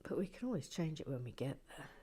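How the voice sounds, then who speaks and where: Low mellow lady doing a whispery asmr build chat, close mic, bit of background hiss. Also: very animated, fast talker. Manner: often drops into a whisper, chatty and mildly self-deprecating. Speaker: channel host building brick sets. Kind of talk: soft-spoken ASMR build commentary.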